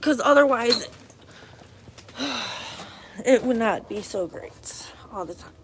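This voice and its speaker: Unhurried, high-pitched woman streamer, rambling casual chat. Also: animated, background noise. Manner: rambling, loose, thinking aloud. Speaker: livestreamer and mother.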